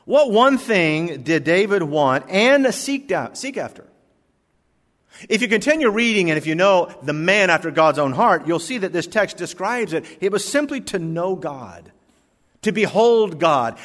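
A man's voice: very animated, fairly bright tone. Man preaching in a reverberant church hall. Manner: storytelling preacher with wide swings in pitch and volume, slowing for emphasis. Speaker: pastor. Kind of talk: sermon. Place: church sanctuary.

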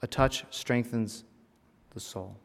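A man preaching a personal sermon in a church, earnest, rising to emphatic lines and dropping to hushed, heavy phrases. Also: medium pitch, fairly even intonation, slow pace, gravelly. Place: church sanctuary. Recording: long reverb of a church hall.

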